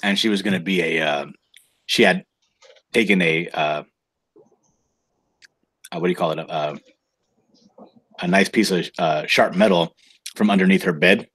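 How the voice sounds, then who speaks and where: Man, deep voice, halting storytelling, casual livestream chat. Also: fairly bright tone, husky. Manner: halting, lots of fillers, storytelling. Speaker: comic creator guest.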